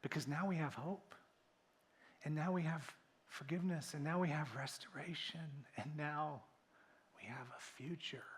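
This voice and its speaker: A man preaching a sermon in a church, animated, acting out quoted voices and dropping to near-whispers for emphasis. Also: fairly high pitch, normal speed. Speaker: pastor. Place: church sanctuary.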